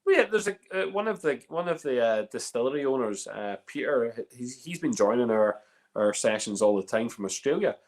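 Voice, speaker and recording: A man's voice: mid-range voice, lively intonation, fairly quick, a little mellow. A man with a Northern Irish accent hosting a whiskey tasting in casual, rambling chat full of fillers and restarts. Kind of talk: casual live-stream chat.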